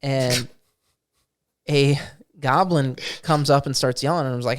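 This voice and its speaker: A man on a podcast microphone, retelling his tabletop game at length. His voice is smooth and clear at an ordinary middle pitch, and he swears freely and slips into quick acted-out lines for the characters. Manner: animated storyteller, swearing freely, acts out goblin quotes. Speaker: podcast co-host. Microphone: studio microphone.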